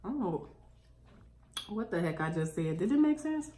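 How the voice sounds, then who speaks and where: A woman's voice: mid-range voice, big pitch swings, moderate pace, dark tone. A woman, hosting a mukbang eating video and chatting casually while she chews. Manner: chatty, talks while chewing. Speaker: mukbang host.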